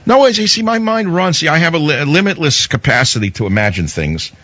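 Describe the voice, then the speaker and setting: A man's voice: fairly high pitch, big pitch swings, fast talker, a bit bright, dry recording. Guy ranting on his radio show, sarcastic and heated, voice jumps all over, dry studio mic. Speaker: radio talk show host. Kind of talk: talk radio monologue.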